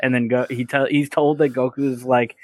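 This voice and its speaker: A man with a mid-pitched voice recapping a cartoon plot on a podcast, hesitant and halting, full of restarts. The sound is dry and close, with no room echo. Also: little pitch movement, darkish tone. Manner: hesitant, many fillers and restarts. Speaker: podcast co-host. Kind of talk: casual recap narration.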